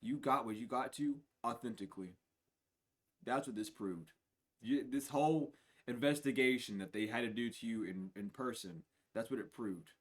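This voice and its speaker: Loose, profane man on a live reading. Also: normal speed. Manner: casual, profane, swings from low mutter to loud laughing outbursts. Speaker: spiritual reader. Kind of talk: livestream spiritual reading.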